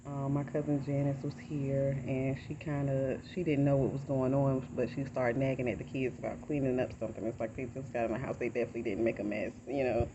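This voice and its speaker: Soft-spoken woman vlogging over insect noise. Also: very deep voice, flat delivery, brisk, few pauses. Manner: rambling, heartfelt, soft-spoken. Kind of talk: candid personal vlog. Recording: dull lo-fi audio with loud insect noise.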